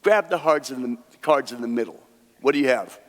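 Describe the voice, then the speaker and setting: A man's voice: medium pitch, fairly quick. A man performing card magic on a theater stage, telling folksy anecdotes and chuckling at his own punchlines. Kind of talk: live stage storytelling with card tricks. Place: theater stage before an audience. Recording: long hall reverb from a stage.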